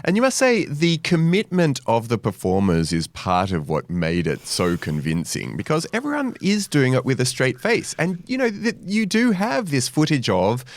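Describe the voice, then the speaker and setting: A man co-hosting a history podcast, explaining a story in an emphatic, animated way. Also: medium pitch, normal speed, few pauses, dry recording. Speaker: podcast co-host. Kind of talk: casual chat.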